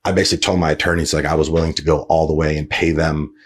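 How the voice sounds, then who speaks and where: Husky low-voiced man telling a story. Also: little pitch movement, very fast. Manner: rambling, heavy fillers and restarts, swears. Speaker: podcast host. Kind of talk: casual storytelling.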